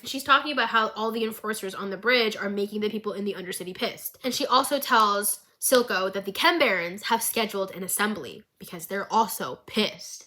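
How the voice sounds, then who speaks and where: Chatty, bright young woman recapping a show. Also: a little high. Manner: chatty, gushing, playfully dramatic, with asides. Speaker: video creator.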